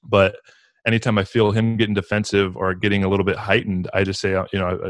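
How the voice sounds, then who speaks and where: A man's voice: fairly low pitch, flat delivery, quick pace, dry recording. A man talking earnestly and reflectively in a casual spiritual conversation, as a podcast guest, with many "like" fillers.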